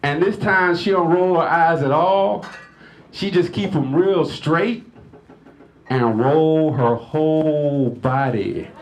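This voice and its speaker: A man doing a stand-up comedy set at a lodge, telling family stories, acting out the people in them with shouts and laughing at his own jokes. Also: fairly high pitch, takes it slowly, slight background noise. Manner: animated storytelling, acting out family members in shouted bits. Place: lodge hall before a live audience.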